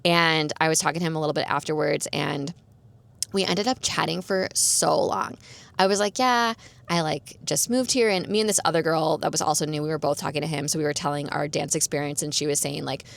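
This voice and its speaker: With a low-pitched, even tone and a quick pace, she rambles casually through a solo podcast chat. Vocal fry runs through her voice, and "like" pops up constantly.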